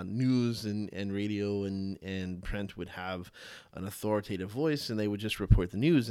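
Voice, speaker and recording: Hesitant low-voiced man musing solo. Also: a little mellow, no echo, studio quality. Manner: halting, many fillers and restarts; acts out quoted voices with sudden high pitch jumps. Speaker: podcast host. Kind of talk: solo podcast monologue on leadership.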